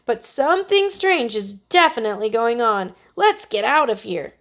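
A woman's voice: fairly high pitch, big pitch swings, normal speed, fairly bright tone. A woman voicing an earnest young girl who scolds her friend sternly and emphatically.

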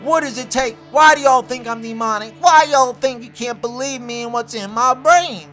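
A man's voice: very high voice, normal speed, fairly bright tone, soft background music. A man giving a rambling, boastful comic monologue as a self-proclaimed prophet.

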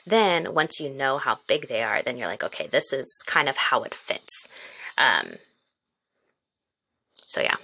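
A woman's voice: very deep voice, big pitch swings, a little slow, gravelly, pauses often, pushed and bright, breathy edge, no room sound. A woman in her twenties hosting a casual solo podcast, talking candidly and encouragingly straight to the listener. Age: 20s. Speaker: podcast host; mother and former teacher.

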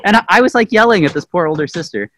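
A man teaching a Bible lesson through a personal story, animated and self-mocking with plenty of fillers. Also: high voice, racing, slight background noise, low-quality recording. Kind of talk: storytelling sermon.

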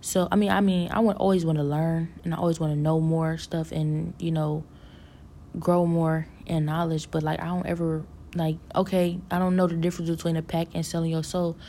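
A woman's voice: low voice, flat delivery, a little fast, mellow, a little hiss or hum. A woman telling a long, rambling story about a vision, musing earnestly about God and the devil with many fillers and restarts.

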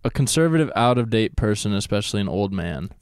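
A man's voice: lowish voice, big pitch swings, quick pace, darkish tone, clean tone, no room sound. A man co-hosting a casual podcast, laughing often and reading out definitions of old insults. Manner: laughs often, says "dude", reads out definitions. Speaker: podcast co-host. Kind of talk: casual chat.

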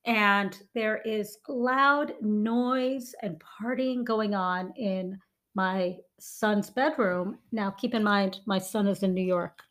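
A woman's voice: mid-range voice, takes it slowly, a bit bright. A woman in her forties, a podcast co-host, telling a vivid dream story in casual chat, with frequent ums and restarts.

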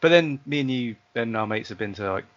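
A man's voice: mid-range voice, lively intonation, brisk. A man co-hosting a podcast in casual chat, teasing and swearing with his friend. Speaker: podcast co-host. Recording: dull lo-fi podcast mic.

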